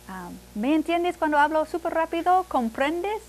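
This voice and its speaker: A woman teaching conversational Spanish to adults, switching between English and Spanish and repeating phrases slowly for the learners. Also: very high voice, slight background noise. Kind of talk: classroom language lesson.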